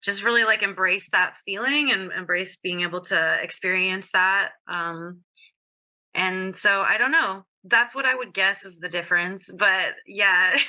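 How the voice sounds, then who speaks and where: A woman's voice: mid-range voice, sharp tone, rough recording. A woman guest from Southern California talking candidly in a casual interview, full of fillers and frequent laughs. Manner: candid, giggly, filler-heavy.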